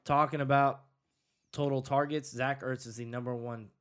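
Man, casual sports podcast co-host, hesitant, thinking aloud, mid-pitched voice. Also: flat delivery, normal speed, a bit bright, smooth. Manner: hesitant, thinks aloud while looking up stats. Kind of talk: casual fantasy football chat.

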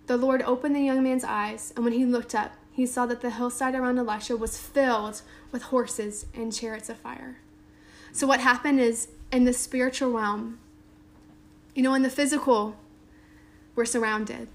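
A woman with a slightly high, level voice at normal speed gives a relaxed Bible lesson to a small group. She reads the scripture out loud and then puts it in her own everyday words, saying "like" and "um" a lot.

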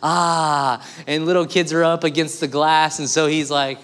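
A man preaching a sermon as pastor, telling a joke with lively voices and then speaking earnestly to the congregation with coaxing questions. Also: fairly high pitch, a little fast, clean tone. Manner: storytelling, animated voices for jokes.

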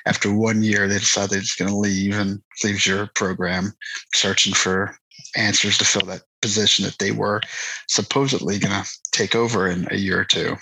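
A man's voice: lowish voice, flat delivery, moderate pace, bright, forceful tone, husky, no room sound, low-quality recording. A man co-hosting a podcast in casual sports chat, rambling with restarts and easy laughter. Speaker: podcast co-host.

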